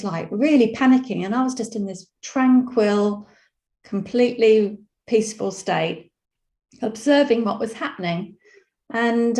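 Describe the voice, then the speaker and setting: Woman, mid-pitched, calm reflective storyteller, roomy video-call sound. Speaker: program participant sharing a story. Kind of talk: casual personal sharing on a video call. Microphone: video call microphone.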